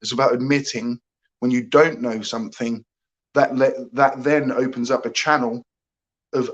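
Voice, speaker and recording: A man's voice: medium pitch, fairly even intonation, normal speed. A man from England hosting a casual livestream, chatting, joking and greeting viewers by name. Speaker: livestream host.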